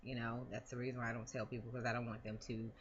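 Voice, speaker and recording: Low-voiced woman rambling in a vlog. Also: flat delivery, very fast, highs cut off, a little hiss or hum. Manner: rambling, many fillers and restarts. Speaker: vlogger. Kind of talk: casual personal vlog.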